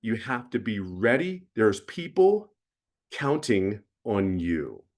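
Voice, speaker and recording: A man's voice: fairly low pitch, sing-song, takes it slowly, darkish tone. Blunt, preachy motivational man. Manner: blunt, preachy, rises to emphatic bursts. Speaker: guest host and mentor. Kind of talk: motivational mentoring talk.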